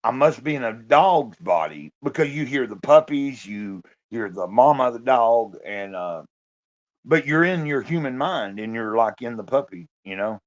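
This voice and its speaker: A man's voice: medium pitch, animated, moderate pace, highs cut off. A man vlogging in a casual, rambling monologue, full of fillers and the odd swear word. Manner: meandering, lots of fillers and swearing.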